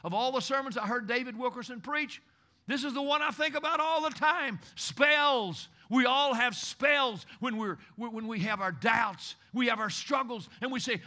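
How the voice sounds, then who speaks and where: A man from Kentucky preaching a sermon in a high, ringing voice. He builds to loud, urgent exhortation, then falls to a hushed, intimate tone. He repeats key phrases to drive them home. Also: expressive, moderate pace. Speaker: pastor.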